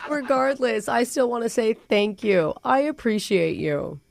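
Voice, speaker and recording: A woman's voice: fairly high pitch, expressive, measured pace, creaky, a little mellow. A woman playing a prim corporate HR rep with sweetly condescending politeness in a prank phone call. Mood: smug, patronizing. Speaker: radio show host.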